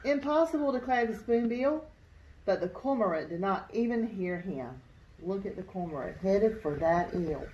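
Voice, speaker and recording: A woman's voice: medium pitch, normal speed, a little mellow, slight background noise. A woman teacher reading a storybook aloud to children, expressively pointing out things in the pictures as she goes. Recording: roomy echo.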